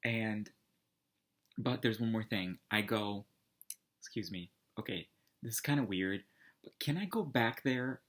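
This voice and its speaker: A man casually telling a personal anecdote, rambling and animated, full of fillers and restarts. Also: on the low side, a little slow, long pauses. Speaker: storyteller.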